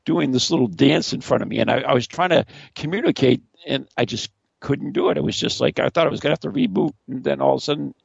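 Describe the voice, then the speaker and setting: A man's voice: mid-range voice, fast talker, vocal fry, hardly any pauses, breathy edge, no echo, highs cut off. A middle-aged man hosting a call-in radio show, rambling and self-deprecating, with frequent stammers and restarts. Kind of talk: casual call-in radio chat.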